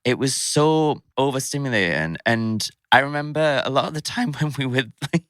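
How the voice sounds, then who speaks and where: A man's voice: medium pitch, lively intonation, normal speed, fairly bright tone, dry recording, clean studio sound. A young man from South Shields with a Geordie accent, chatting as a podcast guest and acting out quotes in funny voices. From South Shields, England. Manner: rambling, acts out quotes in character voices. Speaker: podcast guest, drag artist. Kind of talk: casual chat.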